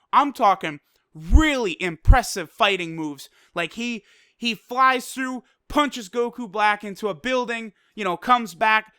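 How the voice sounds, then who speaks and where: A video reviewer excitedly recapping an anime episode, swearing freely and filling with "like" and "you know". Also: mid-range voice, smooth, dry recording, clean studio sound. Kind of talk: casual recap and commentary.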